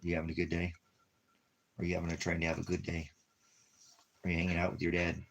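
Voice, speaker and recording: A man's voice: sits low, completely flat delivery, fast talker, creaky, slight background noise. A man rambling in a casual monologue, talking affectionately to his dog and musing about money and leaving town. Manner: rambling, talks baby-talk to his dog in bursts. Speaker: ministry vlogger.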